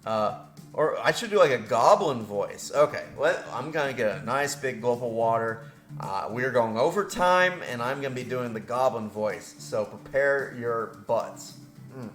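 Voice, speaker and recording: A man's voice: medium pitch, animated, a little slow, a bit bright. Casual male game commentator, rambling and self-deprecating, roomy echo. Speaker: game channel host. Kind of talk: gameplay commentary. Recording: roomy echo with faint music.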